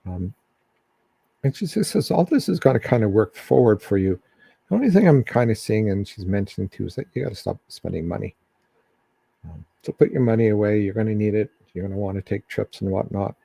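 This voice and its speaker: A man with a very low, gravelly voice gives casual psychic readings to a live-stream audience. He talks in halting bursts full of ums and restarts, and his tone is dark and husky. The sound is close and dry, with no room echo. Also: lively intonation.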